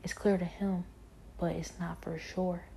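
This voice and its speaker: Low, flat, gravelly-voiced woman testifying. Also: a little hiss or hum. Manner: earnest, halting, many restarts and filler phrases. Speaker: believer sharing a personal testimony. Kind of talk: personal religious testimony.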